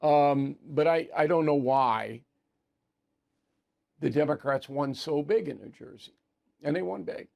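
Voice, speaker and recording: An older man talks through the news in a blunt, opinionated monologue. His voice is gravelly and sits a little high. He keeps throwing rhetorical questions at his listeners. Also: unhurried, long pauses, a little mellow. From United States. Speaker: political commentator. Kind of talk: political commentary monologue.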